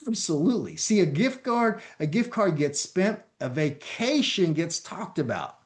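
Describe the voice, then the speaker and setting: A man giving an energetic training presentation as a company founder, talking directly to his audience. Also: high-pitched, a little slow. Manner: energetic, addresses audience as folks.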